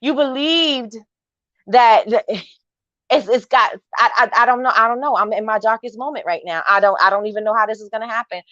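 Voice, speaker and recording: A woman's voice: fairly high pitch, brisk, pushed and bright, no room sound, lo-fi sound. A woman hosting a morning live stream, giving an encouraging, preachy talk with repeated phrases and reading out viewer comments.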